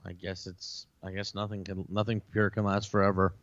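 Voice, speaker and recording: A man co-hosting a podcast, speaking in a quiet, dry and deadpan way. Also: low voice, brisk, no echo, dull audio.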